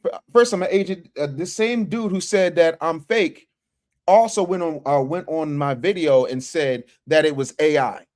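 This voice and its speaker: A man's voice: on the high side, normal speed, darkish tone. Slangy man hosting a livestream. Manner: talks straight to chat, reads out super chats, slangy. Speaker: livestream host. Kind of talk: casual livestream commentary. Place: his office.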